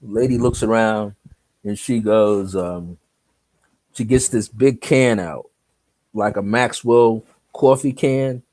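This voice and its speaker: A man's voice: on the low side, slow, a little mellow. A man telling a personal story as an interview guest, acting out the dialogue and laughing often.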